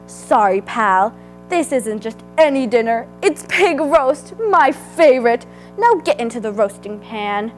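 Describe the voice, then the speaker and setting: A woman voicing a hungry, greedy male fox who talks loudly and gloats in a read-aloud storybook. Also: on the high side, big pitch swings, unhurried, soft background music, rough recording. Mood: gloating. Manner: loud, growling, gloating.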